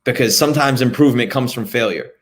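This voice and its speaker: A man's voice: medium pitch, quick pace. A man hosting a podcast, reflecting on his coaching past and asking his guest probing questions in an encouraging conversational way. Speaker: podcast host. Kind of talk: conversational interview.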